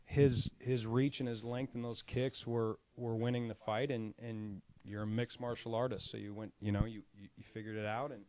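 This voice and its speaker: A man in the middle of the pitch range hosts a casual fight podcast. He rambles, restarts words and leans on stock phrases. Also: level tone, normal speed, hardly any pauses, darkish tone. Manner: rambling, repeats words and "at the end of the day". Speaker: fight promoter, podcast host.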